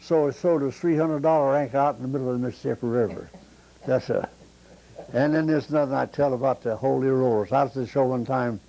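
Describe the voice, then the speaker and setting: An older man spins rambling circus tales in a folksy, plain-spoken way. His voice is mellow and dark, with pitch at an ordinary middle height. He talks like someone chatting at home during a relaxed interview. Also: quick pace, vocal fry, rough recording. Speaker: interviewee, retired circus bandleader. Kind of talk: rambling anecdotal storytelling.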